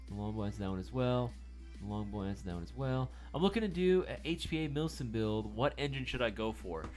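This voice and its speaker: A man hosting a casual live-stream sales chat, playful and quick to swear. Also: medium pitch.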